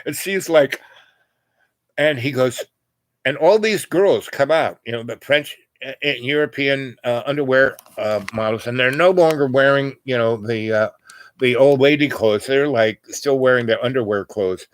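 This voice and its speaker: An older man spins a rambling personal story, stopping and restarting and dropping "you know" all the time. His voice sits at an ordinary middle pitch. The sound is close and dry, with no room around it. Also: moderate pace, no echo. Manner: meandering, full of "you know" and restarts, acts out quoted voices.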